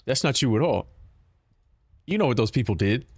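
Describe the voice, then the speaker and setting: A man's voice: mid-range voice, lively intonation, normal speed, slightly rough, no echo, studio quality. A man streaming a game, chatting casually and profanely with his viewers, joking and talking back to chat.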